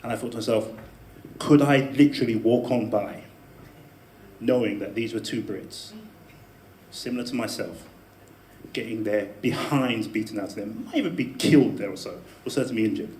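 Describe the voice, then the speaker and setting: A man telling a personal story to a live audience in a debate speech, animated, with laughing asides and emphatic peaks. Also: fairly low pitch, moderate pace, slight background noise. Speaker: debate speaker. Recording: echoey room with faint ambience.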